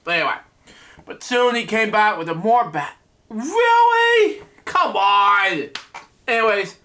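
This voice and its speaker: A man reads a children's book aloud for a bedtime story show. He keeps stopping for rambling commentary and stitches it back together with "anyway". His voice is high and bright. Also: fairly quick. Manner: rambling asides, repeated "anyway". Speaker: host reading a children's book. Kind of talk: casual storybook reading with commentary.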